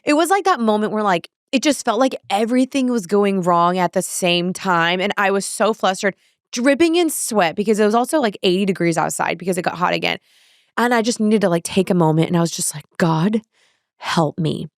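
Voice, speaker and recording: A young woman hosts her podcast with a smooth, clear voice, recorded close in a dry space. She tells stories casually and animatedly, acting out her own panicked lines and filling gaps with "like.". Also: medium pitch, a little fast, dry recording. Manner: animated, breathless retelling with acted-out inner quotes; fillers "like" throughout. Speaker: podcast host. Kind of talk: casual storytelling monologue.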